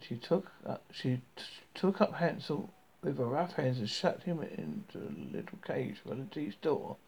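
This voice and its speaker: A man reading a fairy tale aloud, halting and often stumbling over words, on a dull lo-fi recording. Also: medium pitch, big pitch swings, vocal fry, a little mellow, slightly rough. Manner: halting, with frequent stumbles and restarts. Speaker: storybook reader.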